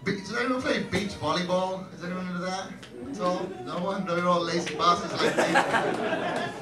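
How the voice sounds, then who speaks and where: A man with a fairly high voice delivers a wry, self-deprecating stand-up comedy set, breaking into loud shouted bits. He sounds a little far from the mic in an echoey comedy club, with heavy crowd laughter around him. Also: lively intonation, moderate pace, loud music behind the voice. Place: comedy club stage with live audience.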